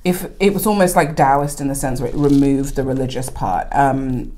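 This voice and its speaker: A woman in her thirties with a low-pitched voice, talking as a guest in a relaxed interview. She rambles with lots of "um" and "like", then gets animated and laughs through her anecdotes. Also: normal speed. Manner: rambling, many fillers, bursts of animated laughter when telling stories. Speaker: podcast guest, coffee educator. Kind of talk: casual interview chat.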